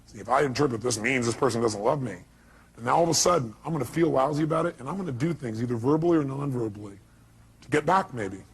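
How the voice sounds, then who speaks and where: A man's voice: medium pitch, quick pace, poor audio. A man giving an emphatic motivational speech to a live audience, firing off rhetorical questions. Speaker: motivational speaker.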